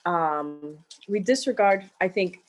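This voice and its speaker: A woman's voice: lowish voice, takes it slowly, low-quality recording. A woman co-hosting a cooking show, talking casually and with enthusiasm about food. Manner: enthusiastic, expressive. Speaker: co-host.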